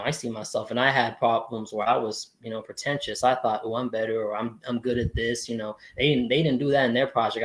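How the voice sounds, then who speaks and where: A young man as a podcast guest, talking in an earnest, thoughtful way with frequent chuckles. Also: mid-range voice. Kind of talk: reflective faith talk.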